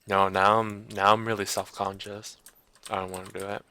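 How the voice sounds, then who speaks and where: A man's voice: fairly low pitch, flat delivery, moderate pace, pushed and bright. A man streaming live, chatting casually in a hesitant, self-conscious way and laughing at himself. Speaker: livestreamer.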